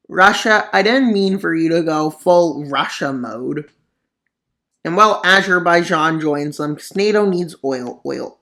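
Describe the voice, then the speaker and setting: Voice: medium pitch, fairly bright tone. A mapping video narrator giving casual commentary on a war scenario, full of sarcastic, rambling asides.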